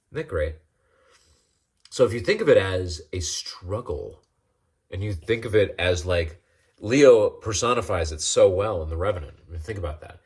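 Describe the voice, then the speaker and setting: Low husky guy rambling about acting, lots of uh and like, restarts. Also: lively intonation, moderate pace, long pauses, darkish tone. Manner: rambling, many restarts and fillers. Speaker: host. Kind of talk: casual monologue on acting.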